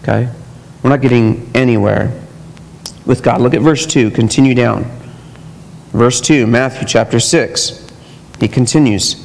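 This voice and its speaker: A man's voice: mid-range voice, lively intonation, a little slow, vocal fry, pauses often. A man preaching a sermon as pastor, talking casually to the congregation and mimicking hypocrites in mocking voices. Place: church sanctuary. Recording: long church hall reverb.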